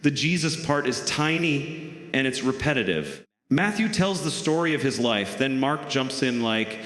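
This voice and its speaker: A man's voice: mid-range voice, big pitch swings, measured pace, a bit bright. A man performing stand-up comedy in a wry, conversational storytelling manner, recorded on a theater stage with roomy hall reverb.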